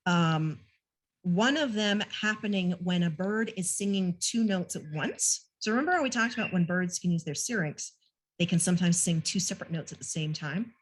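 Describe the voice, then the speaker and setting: Casual female presenter, relaxed and self-deprecating, talking to trainees over a video call. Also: fairly low pitch, normal speed. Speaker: naturalist presenter. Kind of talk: online training talk. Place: home room with a pet bird nearby.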